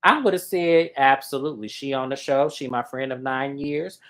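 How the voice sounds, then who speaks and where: A man in the middle of a relaxed recap chat, retelling each scene with lively acted-out quotes. His voice sits at an ordinary pitch, and he talks in a loose, conversational way with a co-host. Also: moderate pace. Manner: animated storyteller who acts out quotes.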